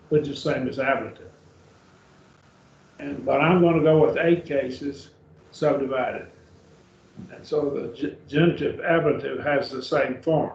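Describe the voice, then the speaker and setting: Male teacher, slow and deliberate lecture delivery, slightly higher voice, roomy dull recording. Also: a little mellow. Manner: slow, deliberate, repeats and spells out words. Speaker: Greek teacher. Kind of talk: classroom lecture. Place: church classroom. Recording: echoey room, dull far-off mic, faint hiss.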